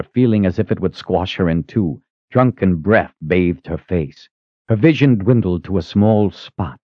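A man's voice: deep voice, no room sound. A man reading a fantasy audiobook as narrator, dramatic and shifting his pace. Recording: slightly muffled dry recording.

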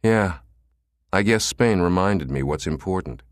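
A man reading the part of a wry, gentle male professor in an audiobook. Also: low-pitched, animated, a little slow, no room sound, studio quality.

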